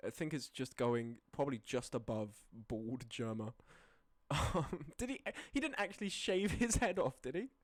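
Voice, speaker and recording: A streamer casually ranking images, often breaking into high laughing fits and then dropping into low, sweary mutters. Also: expressive, normal speed, dry recording. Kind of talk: casual live-stream commentary.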